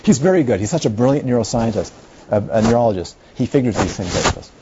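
A man's voice: mid-range voice, animated, fast talker, dark tone, slight background noise. A middle-aged man teaching a class on Buddhist philosophy in a rambling, conversational way, often checking whether his listeners follow. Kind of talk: lecture to a class. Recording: dull lo-fi recording.

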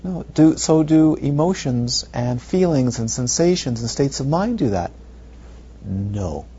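Speaking at a measured pace with lively intonation, a meditation teacher in a mellow mid-range voice gives a dharma talk, repeating phrases and tossing out playful rhetorical questions. The recording is dull and lo-fi, with faint hiss.

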